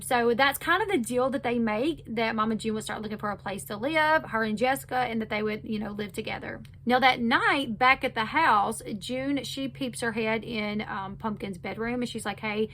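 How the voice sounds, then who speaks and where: A woman's voice: a little high, fairly bright tone, slight background noise. A woman recapping a reality show in a casual, chatty way, full of fillers. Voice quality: chatty, loose retelling with many fillers. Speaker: recap host.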